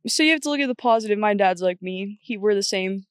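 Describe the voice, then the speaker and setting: A woman's voice: mid-range voice, quick pace, dry recording. Blunt, chatty young woman, dry sound. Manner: blunt, chatty, quotes herself a lot. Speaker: podcast guest. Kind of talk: casual chat.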